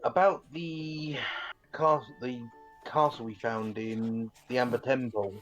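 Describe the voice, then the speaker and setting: A man's voice: mid-range voice, steady tone, slow, a bit bright, faint music behind. Guy player in a tabletop game, kinda hesitant, says sort of constantly, slightly muffled audio. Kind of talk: tabletop role-play chat.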